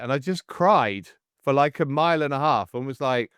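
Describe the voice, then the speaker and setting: A man in his forties hosting a casual podcast chat, telling stories in an animated way and acting out the people in them. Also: medium pitch, brisk, few pauses, clear, resonant tone, no room sound, studio quality. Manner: animated storyteller, acts out the voices in his stories. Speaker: podcast host and coach.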